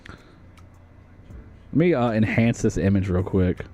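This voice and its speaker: A man's voice: on the low side, lively intonation, unhurried, warm tone, lo-fi sound. A man from the United States doing livestream commentary as he ranks a tier list, rambling and swearing with plenty of fillers and restarts. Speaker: streamer.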